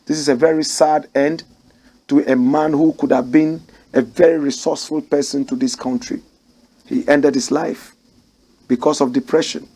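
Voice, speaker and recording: A man with a Ghanaian accent hosting a news commentary show, animated and emphatic, repeating phrases as he talks. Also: fairly high pitch, moderate pace.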